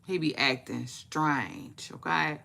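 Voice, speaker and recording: A woman hosting a casual celebrity gossip vlog, chatting to her viewers in a playful, drawn-out way with frequent asides. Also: low-pitched, vocal fry, sharp tone. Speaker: vlog host.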